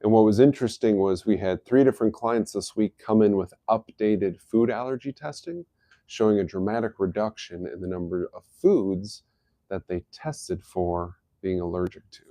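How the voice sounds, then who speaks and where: A middle-aged man talks easily through health tips on a live stream. His voice is low and mellow. The sound is dry and close. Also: normal speed, no room sound. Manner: easygoing, explanatory, chuckles at his own jokes. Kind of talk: casual live-stream talk.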